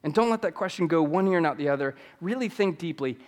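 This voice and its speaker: A man's voice: fairly high pitch, expressive, fast, in a large hall. A pastor in his thirties preaching a sermon in a church, earnest and fond of repeating key phrases for emphasis. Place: church sanctuary.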